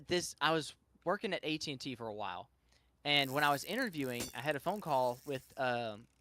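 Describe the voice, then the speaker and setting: A man's voice: medium pitch, expressive, fairly quick, bright, forceful tone, no room sound. Louisiana-accented man with a dry sound. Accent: Southern US, Louisiana. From Louisiana, USA. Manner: rambling, stops and restarts mid-thought. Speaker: guest streamer. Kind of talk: casual live-stream chat.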